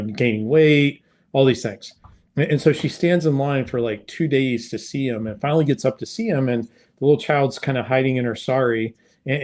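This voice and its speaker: A man's voice: medium pitch, darkish tone. Rambling man telling a story. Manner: rambling with many restarts and fillers. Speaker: podcast guest, sales consultant. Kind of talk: casual interview storytelling.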